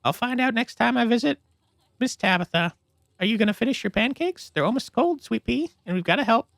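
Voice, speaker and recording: A sweet but nosy young mother fussing over her child in a diner, as a man voices her. The voice is lifted high into falsetto and drawn out slowly. It glides up and down in a sugary sing-song. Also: lively intonation, gravelly, fairly bright tone, no room sound, clean studio sound, exaggerated voice.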